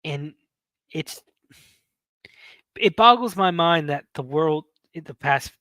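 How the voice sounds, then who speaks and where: A podcast host in his thirties with a bright, forward voice that sits a little high for a man. He tells his story casually and animatedly, with loose swearing and easy laughter. The sound is close and dry. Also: lively intonation, slow, no room sound. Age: 30s.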